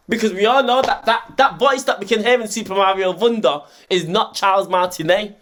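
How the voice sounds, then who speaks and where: Exasperated gaming news host. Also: male voice, sits high, brisk, few pauses, slight background noise. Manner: animated, exasperated, repeats himself. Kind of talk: ranting video game news commentary.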